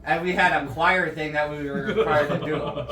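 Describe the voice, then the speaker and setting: A man's voice: fairly high pitch, fairly even intonation, moderate pace. A young man, a podcast co-host, chatting casually and telling rambling stories with plenty of swearing. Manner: rambling storyteller, swears a lot. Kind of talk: casual chat. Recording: echoey room, distant mic, crowd noise.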